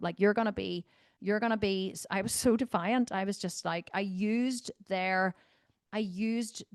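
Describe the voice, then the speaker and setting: A Northern Irish woman answers questions on a video call in a blunt, salty, animated way. Her voice sits at a middling pitch and is close and dry, with almost no room sound. She drops into quiet asides and then jumps up into loud outbursts. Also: no echo. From Northern Ireland. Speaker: fitness coach answering member questions. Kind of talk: casual Q&A on a group video call. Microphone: video call microphone.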